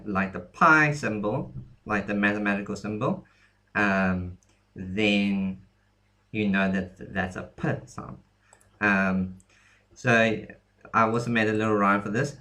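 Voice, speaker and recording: A man's voice: on the low side, slow, pushed and bright. A young man explaining an alphabet in a casual lesson, hesitant, with many ums and restarts. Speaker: language teacher.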